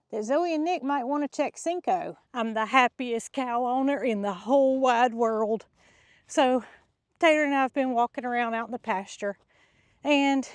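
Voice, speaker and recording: Chatty farm woman, bright voice. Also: fairly high pitch, dry recording. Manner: chatty and excitable, talking to viewers. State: slightly out of breath. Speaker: farm vlogger. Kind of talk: casual vlog narration. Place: outdoors in a pasture.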